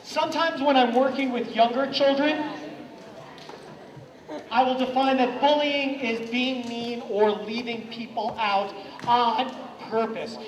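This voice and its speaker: A man giving an energetic anti-bullying talk to students at a school, getting the audience to repeat lines after him. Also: very high voice. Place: school hall or classroom. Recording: echoey hall from far off.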